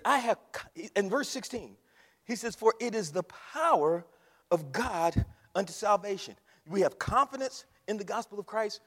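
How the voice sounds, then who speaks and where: A man preaching a sermon, swinging from hushed storytelling to shouted climaxes. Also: fairly high pitch. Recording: long reverb of a large hall.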